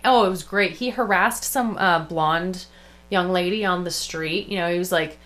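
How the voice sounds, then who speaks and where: A woman's voice: on the low side, normal speed, fairly bright tone, soft background music. Woman co-host, dry sarcastic delivery, casual banter. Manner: sarcastic, mocking impressions. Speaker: podcast co-host. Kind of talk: casual chat.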